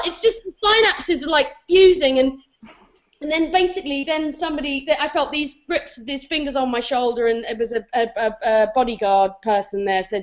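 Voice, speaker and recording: Talk show guest, woman in her forties, high-ish voice, rambling and self-deprecating. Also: expressive, a little fast. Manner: rambling, self-deprecating, many restarts and fillers. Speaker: guest telling a story. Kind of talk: animated anecdote on a talk show.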